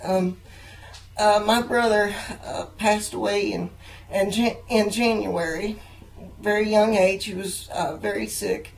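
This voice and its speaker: Give me an earnest young man with a high voice, stumbling through an interview. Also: steady tone, creaky, poor audio. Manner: halting, earnest, many fillers and restarts. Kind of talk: casual interview chat.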